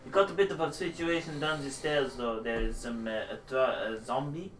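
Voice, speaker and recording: Man, halting tabletop player, mid pitch, roomy echo, far off mic. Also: fairly bright tone, faint music behind. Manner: hesitant, halting. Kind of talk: tabletop role-play. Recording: echoey room, far from mic.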